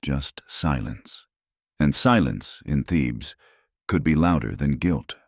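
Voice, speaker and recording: Male narrator, very low voice, dry close sound, dramatic measured storytelling. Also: lively intonation, gravelly, dry recording.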